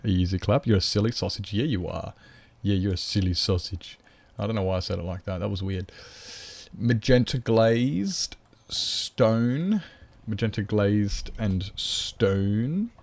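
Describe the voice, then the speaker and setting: A man streams a game live, chatting loosely with viewers, greeting them, rambling to himself and talking to his cat. His voice is on the low side, animated and creaky, with a darkish tone and a slightly slow delivery.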